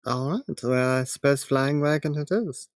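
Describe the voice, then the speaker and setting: Measured man, dry close sound. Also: mid-range voice, no room sound. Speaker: tabletop game player. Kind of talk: in-character tabletop chat.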